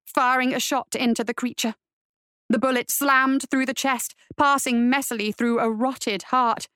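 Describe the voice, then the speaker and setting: A woman narrating a western adventure story in a steady storytelling voice. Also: on the high side, smooth, no echo, clean studio sound. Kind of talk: audiobook narration.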